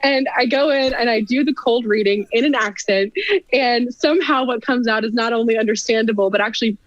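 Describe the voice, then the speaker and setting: A woman guest on a podcast interview, telling stories in an animated, chatty way. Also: a little high, a little fast, dry recording, lo-fi sound. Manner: animated, chatty, frequent laughter. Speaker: guest performer. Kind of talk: casual interview storytelling.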